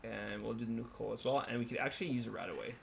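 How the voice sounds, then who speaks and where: A man's voice: medium pitch, steady tone, racing, creaky, a little hiss or hum. A man in his twenties commentating a game, rambling and musing with lots of fillers. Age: 20s. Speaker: let's play host. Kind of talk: casual gaming commentary.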